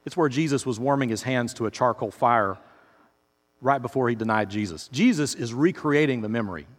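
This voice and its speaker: Preaching in a reverberant hall, this pastor talks to his congregation directly and tells his sermon as a conversational story. His pitch is medium and his delivery a little quick.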